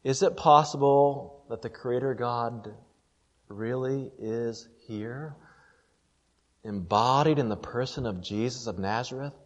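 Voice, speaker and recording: A man preaching a sermon as pastor, emphatic, with rhetorical questions and dramatic slowdowns. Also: mid-range voice, dull audio. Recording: long reverb of a large hall.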